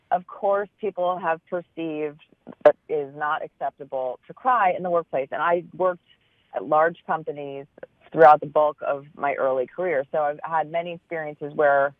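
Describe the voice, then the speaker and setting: A woman who is an author and business owner answers interview questions earnestly and thoughtfully, often restarting phrases as she searches for words. Her voice is on the low side, with no room sound, heard over a tinny phone line.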